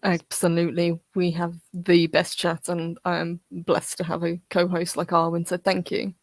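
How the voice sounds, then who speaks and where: A woman's voice: fairly low pitch, monotone, normal speed, dry recording. A woman with a British accent co-hosting a live show in easygoing, casual chat. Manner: easygoing, laughs often.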